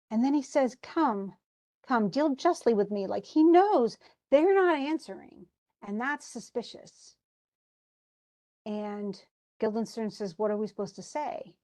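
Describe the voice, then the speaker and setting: A woman's voice: a little high, expressive, a little slow, dark tone. Woman casually retelling a play. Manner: paraphrases lines in everyday speech, many fillers. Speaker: teacher.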